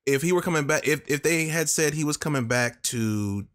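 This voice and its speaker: A man co-hosting a casual gaming podcast, relaxed and joking. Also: fairly high pitch, moderate pace. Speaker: guest co-host.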